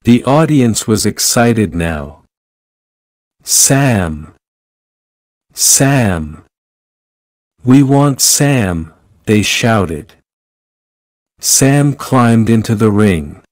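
Very slow male audiobook narrator. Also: lowish voice, a little mellow, no echo. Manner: slow, clear reading for learners. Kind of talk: graded reader audiobook narration.

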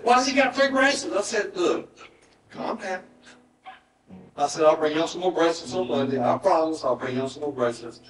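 Pastor preaching in an echoey church. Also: male voice, a little high, slight background noise. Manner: earnest storytelling, often dropping to a hushed, emotional tone. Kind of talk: sermon with personal story and altar call. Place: church sanctuary. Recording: roomy church sound from a distant mic.

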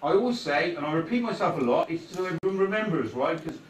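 A man's voice: a little high, expressive, fast, recorded from a distance, slight background noise. Rambling man in echoey hall. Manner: conversational, keeps checking in with "right?". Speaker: guest speaker. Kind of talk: rambling public talk. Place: meeting hall before an audience. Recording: echoey hall recorded from afar.

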